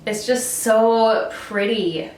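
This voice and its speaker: A woman's voice: fairly high pitch, drawn-out words, a little mellow. A young woman filming a casual get-ready-with-me makeup tutorial, chatty and upbeat, her voice nasal from a cold. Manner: chatty and upbeat, laughs often. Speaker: beauty vlogger. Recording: roomy sound from a distant camera mic, faint hiss.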